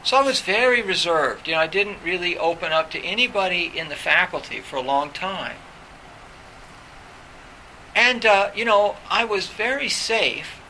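A man's voice: high voice, animated, normal speed, sharp tone, a little hiss or hum, low-quality recording. A middle-aged man, a professor, candidly recalling his own past in a reflective, conversational way. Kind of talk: personal recollection in conversation.

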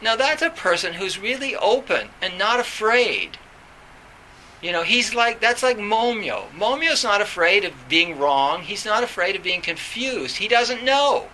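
High bright-voiced man giving a Zen talk. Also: big pitch swings, unhurried, slight background noise, low-quality recording. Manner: rambling, many fillers and restarts. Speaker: Zen teacher. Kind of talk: dharma talk.

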